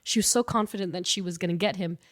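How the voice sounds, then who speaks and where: A woman's voice: on the low side, quick pace. A woman co-hosting a podcast in casual chat, her voice stuffy and nasal, telling a story with animation and frequent laughs. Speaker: podcast co-host.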